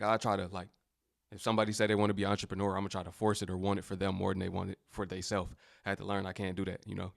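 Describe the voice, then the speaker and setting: A man's voice: low-pitched, creaky, no echo, studio quality. A man giving casual commentary in a laid-back, reflective way.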